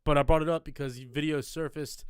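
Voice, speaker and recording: This podcast co-host talks a little fast in a slightly high, smooth voice with a steady tone. Chatting casually on the live show, he rambles through loose stories packed with cursing. It's studio quality, with no echo.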